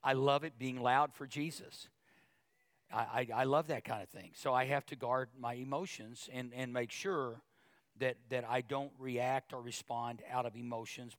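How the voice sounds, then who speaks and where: A male pastor preaching a sermon, talking conversationally with asides and repeated words, then rising in pitch and volume as he gets emotional. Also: no echo, studio quality. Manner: emotional, grows louder and higher when preaching.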